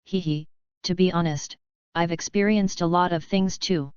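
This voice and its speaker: A woman's voice: fairly low pitch, fairly even intonation, moderate pace, a little mellow, clear, resonant tone, dry recording, lightly acted. Woman reading as an earnest young hero. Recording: slightly dull lo-fi recording.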